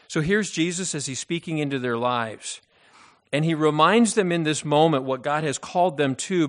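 Emphatic male pastor preaching in a church, a bit higher-pitched, leans on key words. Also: fairly bright tone. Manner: emphatic preaching, slows down to stress key phrases. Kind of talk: sermon.

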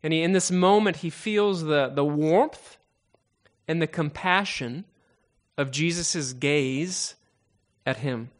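A man's voice: fairly high pitch, slow, pauses often. A man preaching a sermon, retelling a story dramatically with frequent restarts and stammers.

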